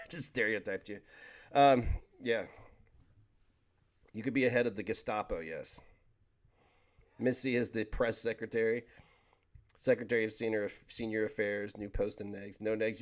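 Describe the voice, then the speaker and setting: A man's voice: lowish voice, darkish tone. A man hosting a livestream, chatting casually with his viewers, rambling and joking as he stumbles over his words. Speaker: livestream host reading chat.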